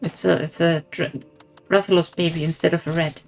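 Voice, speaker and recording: A woman with a slightly low voice streams a game and thinks aloud in easy chat with a friend. She muses over her choices between dry little jokes. Faint game music plays under her voice. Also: steady tone, brisk, vocal fry. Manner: musing, thinks aloud while playing. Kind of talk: casual gaming chat. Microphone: streaming setup.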